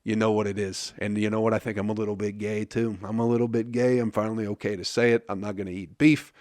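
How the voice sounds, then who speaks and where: A man's voice: on the low side, little pitch movement, fast talker, darkish tone, dry recording, clean studio sound. Profane, rambling male podcast host. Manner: profane, rambling, laughs at his own jokes. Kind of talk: casual comedic monologue.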